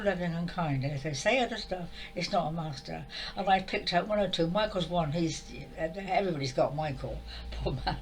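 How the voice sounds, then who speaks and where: A woman's voice: lowish voice, slight background noise, poor audio. An older woman speaking in an upset, exasperated and tearful way, repeating herself as she vents about spiritual channelling. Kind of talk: emotional monologue to camera.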